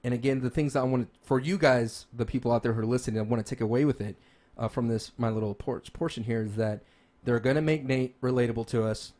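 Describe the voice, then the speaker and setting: A man with a mellow, mid-range voice co-hosts a podcast, chatting casually about games and movies. He's enthusiastic and rambling, with lots of fillers and restarts.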